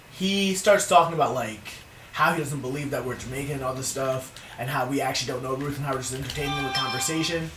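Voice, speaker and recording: A young man telling a casual, profane story in an animated storytime vlog, recorded indoors. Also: medium pitch, quick pace, slight background noise. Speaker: vlogger. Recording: roomy, distant from the mic.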